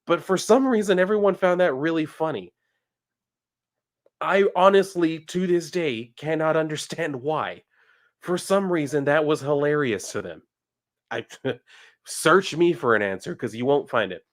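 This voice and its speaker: On a live stream, a male streamer chats casually and reads viewer messages aloud at an unhurried pace. His pitch swings widely when he gets worked up, and he swears freely in a loose, joking, animated way.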